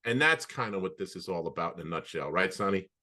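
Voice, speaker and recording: A man with a bright, forceful voice co-hosts a casual podcast over a video call. He spins animated anecdotes, often stopping and restarting mid-sentence as he goes. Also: deep voice, fast. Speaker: podcast co-host. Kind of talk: casual storytelling chat.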